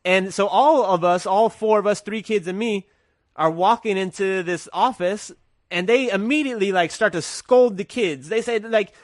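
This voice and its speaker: A man's voice: high-pitched, moderate pace, no room sound, clean studio sound. A man guest with a stuffy nose, telling a loose, rambling story in casual talk.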